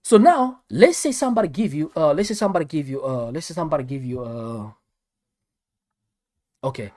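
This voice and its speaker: A man's voice: on the high side, fairly quick, dry recording, studio quality. A man with a South African accent teaching a live online maths lesson, repeating each step and talking straight to his viewers. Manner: animated, repeats steps, talks straight to viewers. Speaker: maths tutor.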